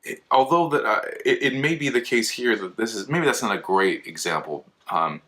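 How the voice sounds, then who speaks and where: Animated, bright-voiced philosophy teacher. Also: male voice, medium pitch, moderate pace. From California. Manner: animated, acts out quoted voices, many restarts. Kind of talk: casual lecture to camera.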